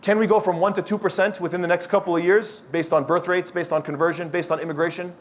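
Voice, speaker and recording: A man's voice: high-pitched, level tone, quick pace, a little hiss or hum. A man giving a blunt, scolding sermon to a youth circle, quizzing the audience with questions. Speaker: speaker at a youth study circle. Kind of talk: lecture-style sermon to a live audience.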